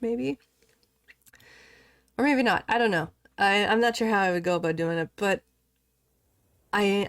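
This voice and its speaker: Woman streamer, casual chat, giggly, rambling, mid pitch, dry close sound. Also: no room sound. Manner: chatty, giggly, rambling, talks to the game. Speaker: game streamer. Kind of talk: casual chat while live streaming a game.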